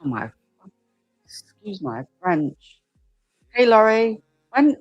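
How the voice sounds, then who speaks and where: A woman's voice: medium pitch, very animated, slow, no echo, highs cut off, faint music behind. A woman hosting a casual livestream, chatting and reacting aloud to viewer comments at her desk mic. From United Kingdom. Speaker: livestream host.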